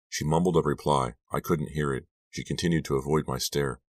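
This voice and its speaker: A man narrating an audiobook thriller in a steady, measured storytelling voice. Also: very deep voice, no echo, studio quality. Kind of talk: scripted narration.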